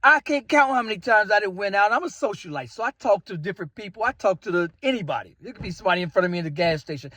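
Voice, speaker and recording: A man's voice: sits high, quick pace, dry recording. A man in his thirties from the Chicago area, ranting casually about dating and acting out bits of the story. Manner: animated, jumps into quoted voices. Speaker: vlogger.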